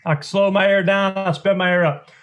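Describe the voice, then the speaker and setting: A man's voice: sits high, fairly even intonation, moderate pace, muffled recording. Folksy man explaining duck calls. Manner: drawling, folksy, mimics duck sounds with his voice. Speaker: duck call maker demonstrating calls. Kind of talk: instructional explanation.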